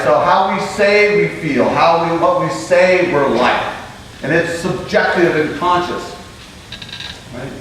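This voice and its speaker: A man's voice: fairly high pitch, fairly bright tone, a little hiss or hum. A male university lecturer giving a conversational classroom lecture, checking in with "right?" and acting out examples. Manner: conversational, frequent "right?" checks, acts out quoted patients. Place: large lecture hall. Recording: echoey lecture hall, mic far off.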